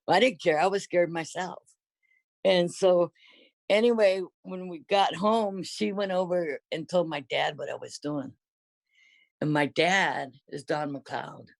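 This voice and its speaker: A woman's voice: on the low side, steady tone, unhurried, vocal fry, no room sound. An older woman casually reminiscing in conversation, rambling and often correcting herself mid-sentence. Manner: rambling, self-correcting storyteller.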